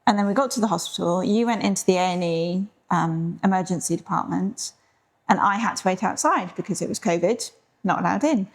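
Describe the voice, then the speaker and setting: A woman's voice: on the low side, brisk. A middle-aged British woman co-hosting a podcast, chatting and telling stories in a friendly way. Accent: British English. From Britain. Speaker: podcast co-host. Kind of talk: casual chat.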